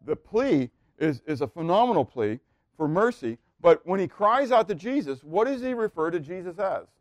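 A man teaching a Bible class, asking questions and waiting for answers, swinging from loud emphasis to near-murmured asides. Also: sits high, very animated, normal speed, no echo.

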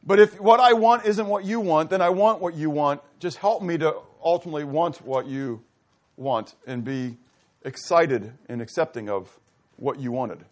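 A male pastor delivering a sermon in a casual, conversational way, often asking his congregation questions and acting out short dialogues, with his voice sinking low and soft at times. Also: normal speed.

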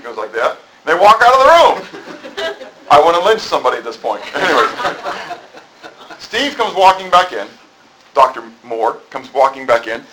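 Middle-aged pastor rambling thru a sermon, bright voice, kinda higher pitch. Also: male voice, slight background noise, poor audio. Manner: conversational, rambling with asides. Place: church.

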